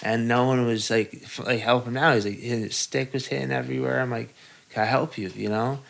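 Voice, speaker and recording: Young male podcast guest; bright voice; loose, profane storyteller. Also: mid-range voice, fairly even intonation, a little fast, gravelly. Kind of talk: casual podcast chat.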